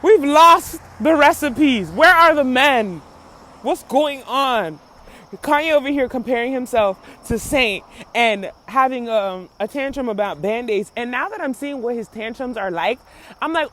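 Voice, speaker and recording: A woman's voice: sits high, unhurried, a bit bright. A woman hosting a podcast who gives blunt, profane, emphatic commentary. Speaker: podcast host. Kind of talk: animated commentary.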